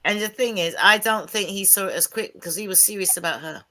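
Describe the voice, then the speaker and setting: A woman's voice: mid-range voice, fast, a crowd in the background. A woman and single mother in casual panel talk on a video call, telling stories and acting out what people said. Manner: animated storyteller acting out quotes.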